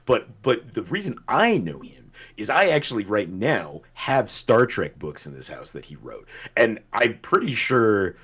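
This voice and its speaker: A man co-hosting a podcast in casual chat, rambling with many restarts and trailing off quietly. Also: lowish voice, very animated, a little slow, hardly any pauses, breathy edge. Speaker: podcast co-host.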